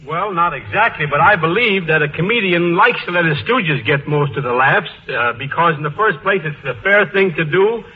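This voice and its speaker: A male comedy writer tossing off dry, deadpan remarks on an old radio panel. His voice is fairly high, and the broadcast sounds muffled and dull, with a faint hiss behind it. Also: normal speed, few pauses. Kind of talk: joking panel discussion.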